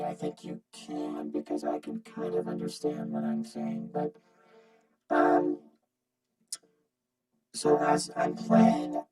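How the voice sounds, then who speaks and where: A man's voice: on the high side, creaky, low-quality recording. A man demonstrating a vocoder in his home basement studio, rambling and thinking aloud through a robotic vocoder voice. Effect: vocoder robot voice played from a keyboard. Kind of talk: casual gear demo. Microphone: separate small vocoder mic. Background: synth chords from his keyboard.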